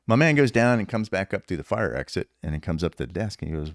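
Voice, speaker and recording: A man in his fifties, a retired sergeant major and podcast guest, telling stories casually with an animated, profane manner and lots of laughter. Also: deep voice, fast, dry recording, studio quality. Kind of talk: casual storytelling.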